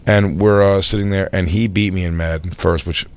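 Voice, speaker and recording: A man's voice: deep voice, steady tone, a little fast, smooth. A man co-hosting a podcast in casual chat, rambling through anecdotes with fillers and swearing. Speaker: podcast co-host.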